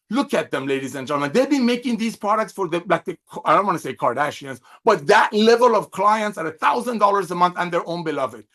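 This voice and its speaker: A man's voice: sits high, fairly bright tone. A middle-aged man giving a fervent, preachy sales training talk over a video call, firing off rhetorical questions and gushing praise. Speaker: network marketing trainer.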